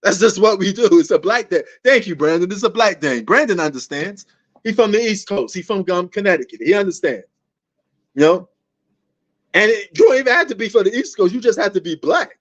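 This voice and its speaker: Loud passionate New man. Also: sits high, animated, a little fast. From New York. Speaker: sports talk show host. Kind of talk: livestream sports debate answering chat. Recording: dull lo-fi stream audio.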